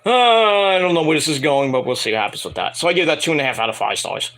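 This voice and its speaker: Bright, animated man ranting profanely. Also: a little high, fast. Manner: profane, rambling, mocking voices in quotes. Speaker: wrestling show reviewer. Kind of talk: casual ranting review.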